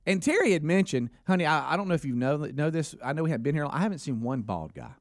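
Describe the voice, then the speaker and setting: A man with a Southern accent, co-hosting a radio show and telling a lively story while acting out the dialogue. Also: fairly high pitch, quick pace, no room sound, studio quality. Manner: animated storyteller, acts out dialogue. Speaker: radio co-host. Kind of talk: casual morning-show storytelling. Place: radio studio.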